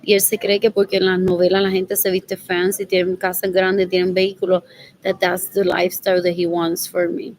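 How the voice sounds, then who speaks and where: A woman's voice: on the low side, level tone, fairly quick, a little mellow, a little hiss or hum, rough recording. A woman vlogging in a rambling monologue, agitated and scornful.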